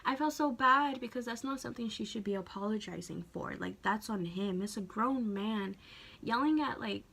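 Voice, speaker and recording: Her voice a little high, creaky, and edged with breath, this teenage vlogger speaks at a normal speed. She recounts a personal story in chatty, emotional story-time fashion, peppering it with "like."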